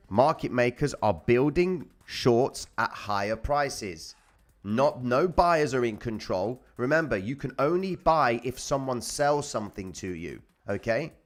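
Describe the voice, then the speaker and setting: A man hosting a live stream for his viewers, talking in a blunt, casual way. His voice sits at an ordinary mid-low pitch, and he swears freely and repeats himself so that newcomers can follow. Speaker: trading live-stream host.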